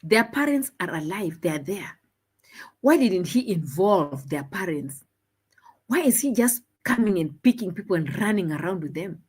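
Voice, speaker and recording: A woman's voice: on the low side, sing-song, moderate pace, darkish tone, slightly rough. A woman giving opinionated commentary, scolding with rhetorical questions and dramatic repeats. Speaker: commentary vlogger.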